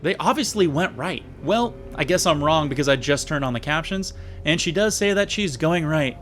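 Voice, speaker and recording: A man's voice: a little high, expressive, normal speed, a bit bright. A man casually reviewing an old episode with sarcastic, jokey asides. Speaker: video reviewer.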